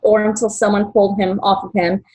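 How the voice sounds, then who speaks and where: A young adult woman telling her life story as an interview guest, halting, with many fillers and restarts, at times emotional. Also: medium pitch, flat delivery, a little mellow, rough recording. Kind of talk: personal story in podcast interview.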